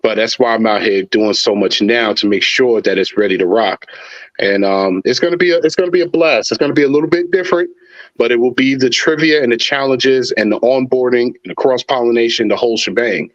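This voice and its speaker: A man chatting casually as a podcast guest, relaxed and slangy, talking up his show with enthusiasm. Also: mid-range voice, brisk, muffled recording. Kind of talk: casual chat.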